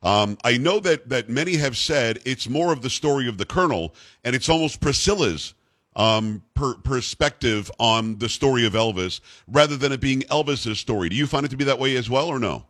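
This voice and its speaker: A man's voice: medium pitch, lively intonation, normal speed, fairly bright tone, dry recording. A man hosting an interview, eager and chatty, who often restarts his sentences. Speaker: host. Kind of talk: casual interview.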